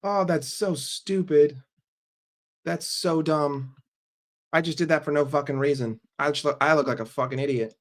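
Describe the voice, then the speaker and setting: Blunt, swearing man chatting on a stream. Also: a little high. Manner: blunt and profane, answers chat with quick jokes. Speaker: livestream host. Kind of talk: casual live stream chat, reading and answering chat messages.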